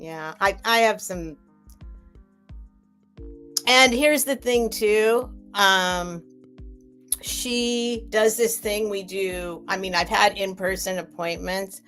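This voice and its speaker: A woman's voice: medium pitch, slow pace, fairly bright tone, faint music behind. A woman hosting a live sale stream, rambling in a chatty way and gushing thanks at her viewers.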